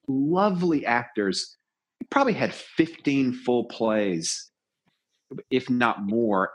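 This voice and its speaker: A man's voice: mid-range voice, slightly rough. A man in casual discussion, talking with animation and acting out lines with emphasis.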